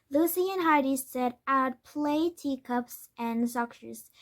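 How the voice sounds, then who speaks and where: A woman reading a children's storybook aloud, careful and steady, now and then correcting a word. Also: high voice, slow. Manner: careful, with small self-corrections. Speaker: storybook reader. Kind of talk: children's book read-aloud.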